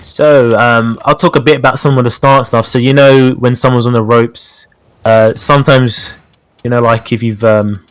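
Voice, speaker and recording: A man's voice: medium pitch, steady tone, moderate pace, smooth. A man with a British accent, a guest specialist chatting casually through a fighting-game tutorial with many fillers and repeated words. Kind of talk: casual gaming tutorial chat.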